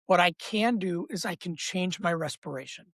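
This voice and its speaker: A man who works as a breathwork coach, explaining in a podcast interview with an emphatic, repetitive teaching cadence and an animated delivery. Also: high voice, normal speed, no echo. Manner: animated, acts out inner voices.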